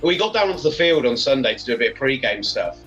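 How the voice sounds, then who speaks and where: A man's voice: mid-range voice, sing-song, fast talker, fairly bright tone, soft background music. A man, a sports radio presenter chatting enthusiastically as a podcast guest. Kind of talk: casual podcast chat. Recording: slightly dull, lo-fi sound.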